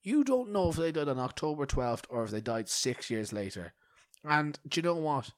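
A podcast host with a fairly high voice swings widely in pitch while rambling through a solo chat at normal speed. He swears, feigns outrage, and struggles with a bad cough, all captured in clean, dry studio sound.

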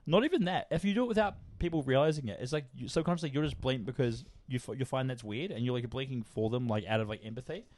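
A man's voice: mid-range voice, fast, hardly any pauses, a little mellow, dry recording. Laughing, swearing young man. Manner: swearing, laughing, rambling storyteller. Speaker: podcast co-host. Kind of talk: casual chat.

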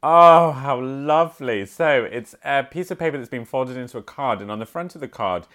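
A woman's voice: rumbling low, animated, moderate pace, fairly bright tone. A woman co-hosting a podcast, chatting casually and reading listener letters aloud with lots of giggles. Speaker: podcast co-host.

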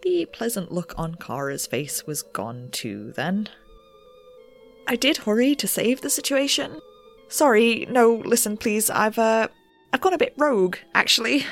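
A young researcher, played by a woman narrates her own misadventures in an audio drama. She rambles, trips over her words and pokes fun at herself. Her pitch sits in the middle, with faint music behind her. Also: gravelly. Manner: rambling and self-deprecating. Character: nervous, rule-bending young woman researcher.

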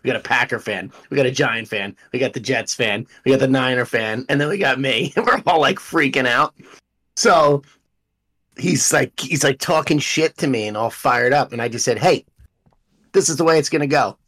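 A young adult man co-hosting a casual sports podcast, telling animated stories and swearing freely. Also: mid-range voice, normal speed. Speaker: podcast co-host.

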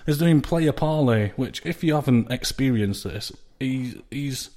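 A man's voice: medium pitch, measured pace, dark tone. A man co-hosting a fan podcast, talking casually with hesitant restarts and careful explanations. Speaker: podcast co-host. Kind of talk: casual chat.

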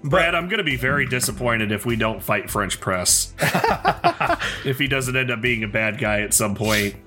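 A man's voice: medium pitch, normal speed, bright, forceful tone, faint music behind. A man co-hosting a podcast in casual chat, laughing often and chiming in with short remarks. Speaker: podcast co-host.

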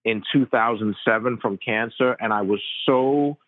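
Male doctor guest, casual and animated with plenty of slang, mid-range voice, recorded over a phone-thin dry line. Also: mid-range voice, normal speed, no room sound, narrow, tinny audio. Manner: animated, slangy, tells stories with quoted dialogue. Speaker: physician, interview guest. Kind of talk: casual conversational storytelling.

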